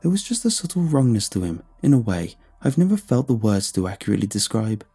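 A man narrating a scripted horror story in a steady, measured way. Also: on the low side, husky, faint music behind.

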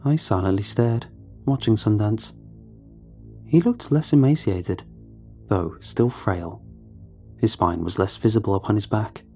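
Low, dark-voiced male horror narrator. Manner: measured, somber. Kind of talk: scripted horror story narration.

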